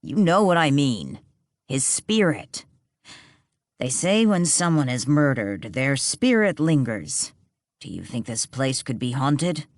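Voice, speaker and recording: A narrator voicing a nervous, frightened man on the run, anxious and pleading, with a lively voice and slow delivery. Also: mid-range voice, no echo, studio quality.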